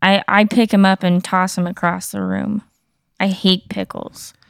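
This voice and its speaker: Slow, gravelly woman playing a game. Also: mid-range voice, level tone, no echo, studio quality. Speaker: player. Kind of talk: casual role-play answers.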